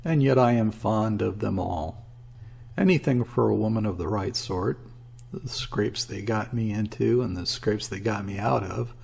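Here is a man doing a boisterous young sailor from an audiobook, a swaggering, loud-talking fellow. His voice is low and gravelly with a husky edge, and he turns scornful and loud when he is crossed. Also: measured pace, full character voice. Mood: jaunty. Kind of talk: audiobook character reading.

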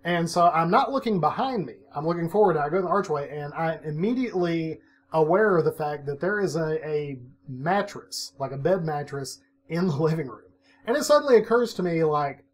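Middle-aged male vlogger with a slightly high voice, casual storyteller, self-mocking and animated. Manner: animated, self-mocking, laughs often, acts out his own quotes. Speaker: vlog host telling a personal story.

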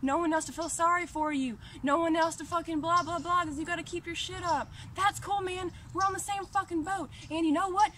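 A woman's voice: extremely high pitch, steady tone, fairly quick, few pauses, sharp tone, a little hiss or hum. A woman at home, ranting angrily and profanely to her camera in a heated, repetitive, confrontational way. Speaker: vlogger. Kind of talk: angry direct-to-camera rant.

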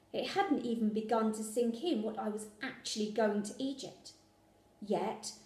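Woman reading a kids' chapter book, mellow and even, echoey room. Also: mid-range voice. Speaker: reader. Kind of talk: storybook narration.

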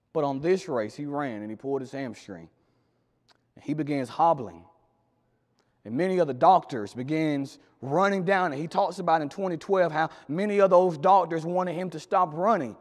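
A man preaching a sermon in a church, swinging from loud emphatic lines to quiet low drops. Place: church sanctuary. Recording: long hall reverb.

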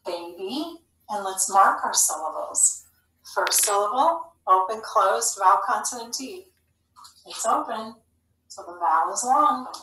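A woman teaching a phonics lesson to young children, speaking clearly and patiently. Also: medium pitch, pushed and bright. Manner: slow, clear, patient instructional delivery. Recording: echoey room, mic at a distance.

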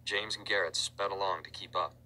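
A man narrating a storybook aloud in a steady storytelling manner. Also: low-pitched, brisk, a little hiss or hum, low-quality recording. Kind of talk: audiobook reading.

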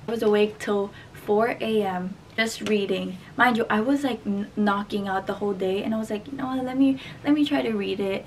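A young woman chatting casually in a vlog, gushing and talking to viewers like friends. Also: mid-range voice. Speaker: vlogger. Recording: camera mic from a distance, noisy.

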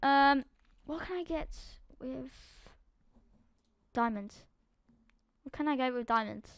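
A woman narrating her game play as she goes, excitable, swinging from quiet muttering to loud outbursts. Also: high-pitched, slow pace, no room sound. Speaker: gaming YouTuber. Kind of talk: live game commentary.

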